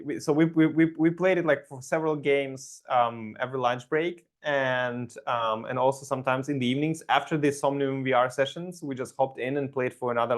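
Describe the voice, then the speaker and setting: A man from Ukraine, hosting a casual podcast chat, excitable and swearing freely. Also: mid-range voice. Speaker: podcast host.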